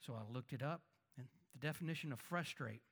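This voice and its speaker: Pastor preaching in a lively conversational sermon. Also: male voice, medium pitch, fairly quick, slightly rough. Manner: conversational preaching with rhetorical questions to the congregation; swings between emphatic raised lines and quiet asides.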